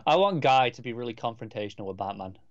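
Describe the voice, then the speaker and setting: Bloke on a podcast, wry and laid back, kinda muffled lo-fi mic, dry. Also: male voice, medium pitch, fast, no room sound. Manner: relaxed, wry, chimes in with corrections. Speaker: podcast co-host. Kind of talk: casual chat. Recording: slightly dull lo-fi mic.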